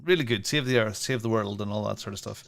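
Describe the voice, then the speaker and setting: A man's voice: lowish voice, quick pace, creaky, a bit bright. A man, co-hosting a podcast in casual, rambling chat full of fillers and restarts. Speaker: podcast co-host.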